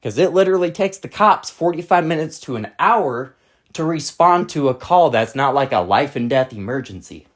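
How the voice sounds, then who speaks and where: A man's voice: a little high, animated, normal speed. A man hosting his channel, delivering an exasperated, blunt monologue to camera in casual slang. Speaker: channel host.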